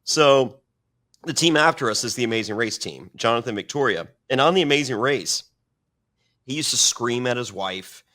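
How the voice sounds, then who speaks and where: A man's voice: medium pitch, expressive, normal speed, bright, forceful tone. Profane man rambling through a story. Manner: profane, rambling with many restarts. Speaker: guest. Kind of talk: casual storytelling interview.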